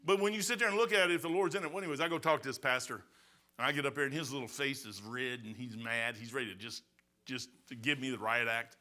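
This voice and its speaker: A man's voice: mid-range voice, steady tone, quick pace, bright, forceful tone. A man in his sixties preaching a sermon as pastor, telling folksy stories with emphatic asides. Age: 60s.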